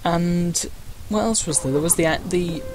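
A man's voice: sits high, moderate pace, noisy background. A man giving casual, rambling let's-play commentary while racing, full of uhs, side stories and playful exclamations. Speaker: gameplay commentator. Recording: game music and sound effects behind the voice.

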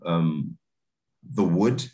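Man, low voice, relaxed interview chat, loose and laughing, many fillers. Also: very slow. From Britain. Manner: laid-back, laughs easily, many restarts and fillers. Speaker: film director and actor, interview guest.

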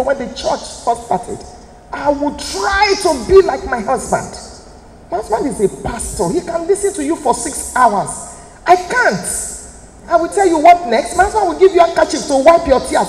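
Lively Nigerian woman in echoey hall. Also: high-pitched, moderate pace, faint music behind. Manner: emphatic, preacherly, direct appeals to listeners. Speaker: motivational speaker. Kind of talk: motivational talk to an audience. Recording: echoey hall, faint room noise.

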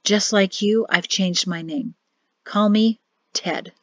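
Woman reading as a soft-spoken, cryptic young man; storybook voice, low and hushed, muffled dry audio. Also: no echo. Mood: wry. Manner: calm, grave, measured warnings. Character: grim quiet young man, cryptic brother.

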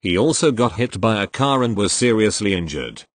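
A man's voice: lowish voice, sing-song, normal speed, no room sound. A man reading online forum posts aloud, spelling out abbreviations letter by letter as he goes.

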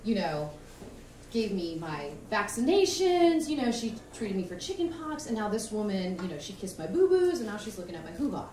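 A woman doing a stand-up set, telling animated, self-mocking stories about her mother on a comedy club stage. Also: medium pitch, normal speed, noisy background. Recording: echoey club from far off, crowd.

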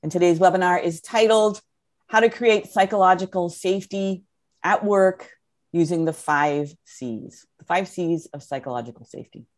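A woman's voice: on the low side, normal speed. A woman moderating a live webinar, upbeat and effusive, with frequent fillers as she introduces guests.

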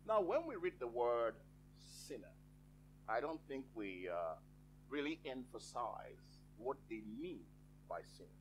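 A man preaching a sermon in a church, with slow, emphatic phrasing and dramatic pauses. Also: mid-range voice, sing-song, slight background noise, low-quality recording.

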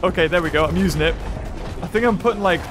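Young man, gaming commentary, excitable, high voice, game music underneath. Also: quick pace. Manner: excitable, exclaims and laughs often. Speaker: gaming YouTuber.

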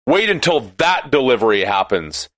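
A man delivering an impassioned, sarcastic monologue that at times rises to shouting. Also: medium pitch, very animated, moderate pace, dry recording.

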